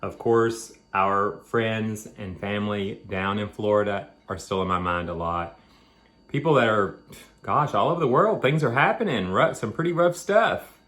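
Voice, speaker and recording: Low-voiced man chatting while eating. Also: moderate pace, fairly bright tone. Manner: chatty, rambling, talking between bites. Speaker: vlog host. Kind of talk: casual chat while eating. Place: at home.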